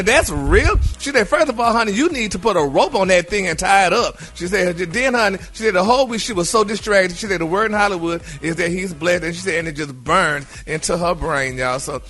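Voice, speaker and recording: A man co-hosting a morning radio show, telling celebrity gossip in a flamboyant, animated way and calling listeners honey and y'all. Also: high voice, brisk, few pauses.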